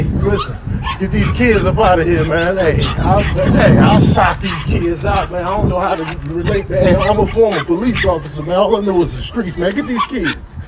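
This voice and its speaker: A comedian voicing swaggering, streetwise male animals, talking in loud, slangy banter over audience laughter. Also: high-pitched, very noisy, pitched below the performer's own voice.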